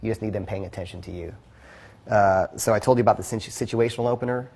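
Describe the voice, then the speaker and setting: A man giving blunt, quick coaching feedback to a class, swearing freely. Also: on the low side, vocal fry, darkish tone. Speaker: pickup coach.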